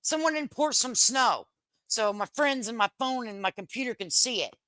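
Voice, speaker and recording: A woman's voice: fairly high pitch, expressive, moderate pace, sharp tone, dry recording. Woman, middle-aged, livestream host, brash and joking, dry close sound. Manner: brash and joking, swears casually, laughs often. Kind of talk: casual livestream chat reading viewer comments.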